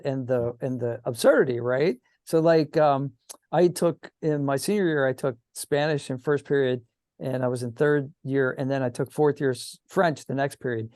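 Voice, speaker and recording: A man's voice: mid-range voice, darkish tone, no room sound, studio quality. A man chatting animatedly as a podcast guest, heavy on fillers like "you know". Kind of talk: casual podcast chat.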